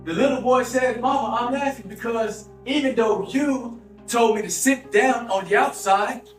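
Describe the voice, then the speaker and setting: A man's voice: very high voice, normal speed, faint music behind, voice pushed up. A man giving a stagey, sing-song speech at a speech club, sounding like a lullaby. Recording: old clip, roomy and distant.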